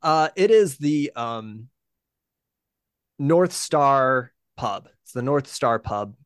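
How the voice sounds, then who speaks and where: A man's voice: mid-range voice, animated, drawn-out words, clear, resonant tone, no echo, clean studio sound. A man narrating a tabletop game as game master, rambling with many fillers.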